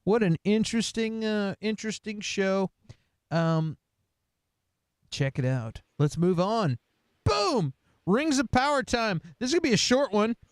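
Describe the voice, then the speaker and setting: Rambling casual man, higher voice. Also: sing-song, unhurried, no echo, clean studio sound. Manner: rambling, laughs often, many fillers. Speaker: podcast co-host. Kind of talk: casual chat.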